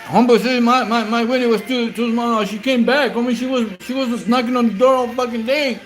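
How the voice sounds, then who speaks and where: High-voiced guy rambling late at night. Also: steady tone, fairly quick. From Whittier, Southern California. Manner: slangy, profane, rambling, calls viewers bro and homie. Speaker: livestream host. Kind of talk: late-night casual livestream chat.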